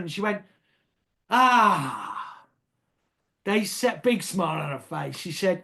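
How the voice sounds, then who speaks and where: A man's voice: high-pitched, lively intonation, a little slow, pauses often, pushed and bright. An older man from England tells a personal story in a casual interview, hesitant and often repeating words, laughing at himself.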